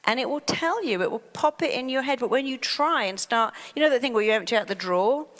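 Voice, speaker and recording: A woman, a therapist, giving a lively motivational talk and acting out panicky inner voices. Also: fairly high pitch, fast talker, big-room sound.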